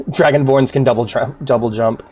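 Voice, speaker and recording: A man streams a video game and talks loosely with his viewers, rambling and swearing freely, his mid-range voice fairly even and at normal speed. A loud crowd is audible along with faint game music behind him, in a casual stream chat.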